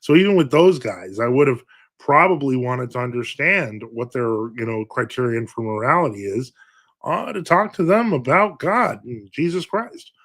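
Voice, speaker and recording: A young man in the role of a priest runs a casual livestream and reads viewer comments aloud. He rambles with lots of "uh" and "you know". His humor is dry and self-mocking. His pitch sits in a middle range for a man. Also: animated, normal speed, a bit bright. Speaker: Orthodox priest hosting a livestream.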